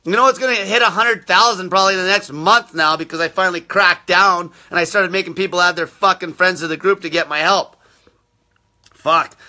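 Foul-mouthed bright-voiced male ranter. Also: high voice, steady tone, fairly quick. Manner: aggressive, constant swearing, insulting viewers. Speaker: fasting diet coach hosting a live show. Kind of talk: profane live-stream rant.

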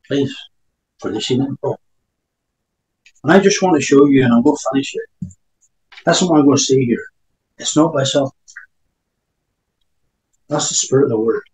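A man's voice: mid-range voice, a little mellow, echoey room, rough recording. A man preaching a sermon, reading scripture aloud between emphatic remarks.

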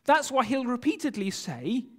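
A man preaches a sermon in church at normal speed, his very high voice animated as he poses rhetorical questions to listeners. Long church hall reverb colors the recording.

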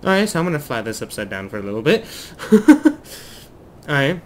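Excitable man narrating his gameplay. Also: mid-range voice, rapid-fire, slight background noise. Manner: excitable, talks to himself while flying. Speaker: gaming video host. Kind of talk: let's play commentary.

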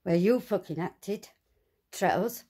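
Woman, mid-pitched and mellow, venting and cursing at her neighbours' noise. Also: slow, husky. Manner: swearing, exasperated ranting. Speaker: vlogger. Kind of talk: angry monologue to camera.

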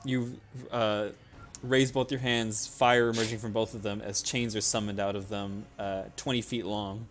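A young man narrating as a tabletop game master, animated, laughing often and full of fillers. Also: on the low side, normal speed.

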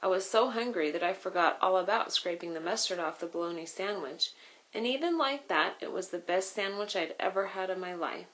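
A woman reading a children's novel aloud with expressive storytelling. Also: fairly low pitch, fairly quick. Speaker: reader.

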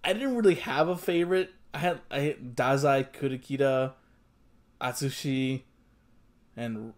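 A young man hosts an anime reaction channel, pouring out emotional commentary in a mid-range, slightly slow voice. He exclaims, swears, and often repeats himself in disbelief.

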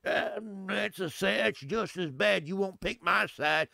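A man voicing a hostile small-town redneck local in a slow, sneering drawl. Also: sits high, vocal fry, sharp tone, no room sound, studio quality, full character voice. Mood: scornful.

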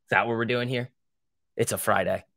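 A man's voice: on the low side, steady tone, a little fast, a bit bright. A young man hosting a trading livestream, answering viewer questions in a rambling, profane, joking way. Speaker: stock trading livestream host.

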